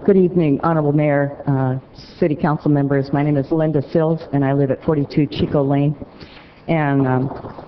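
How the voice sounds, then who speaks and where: A woman's voice: deep voice, dull audio, slight background noise. A local woman giving a polite, somewhat hesitant public comment to a city council from a podium microphone. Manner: polite, a little hesitant, uses fillers.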